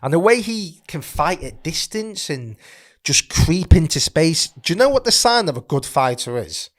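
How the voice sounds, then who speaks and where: A man giving his boxing analysis straight to camera, emphatic, often tagging "right?" onto his points, and growing loud and fired up as he praises a fighter. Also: on the high side, very animated, moderate pace. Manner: emphatic, keeps asking "right?". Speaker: boxing pundit.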